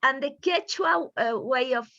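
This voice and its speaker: A woman from Peru with a Peruvian Spanish accent, speaking English as a second language, talking excitedly and with feeling in a casual panel discussion. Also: high-pitched, unhurried, muffled recording. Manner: excitable, emotional, laughs while talking.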